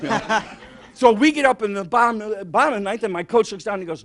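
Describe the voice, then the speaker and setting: A man's voice: high-pitched, fast, a bit bright. An older man from Detroit doing rambling, self-mocking stand-up comedy. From Detroit, Michigan. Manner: rambling, self-mocking, exaggerated tall tales.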